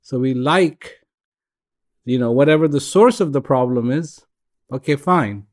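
A man giving a reflective spiritual talk on a regular broadcast, speaking gently in short halting phrases with pauses. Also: mid-range voice.

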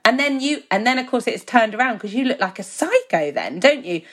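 A woman co-hosting a podcast, telling animated stories in casual chat, with swearing and laughter. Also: a little high, brisk. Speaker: podcast co-host.

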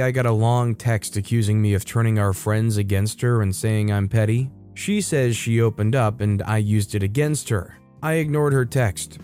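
Male host-narrator, mid-pitched and conversational, reads stories and adds wry asides over light background music. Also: darkish tone. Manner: conversational, wry commentary between readings. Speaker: host reading and reacting to online stories. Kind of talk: story reading with commentary.

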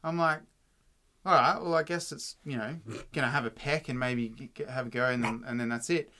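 A man's voice: mid-range voice, steady tone, brisk, sharp tone. A man co-hosting a podcast, joking and swearing in easygoing banter. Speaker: podcast co-host. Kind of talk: casual chat.

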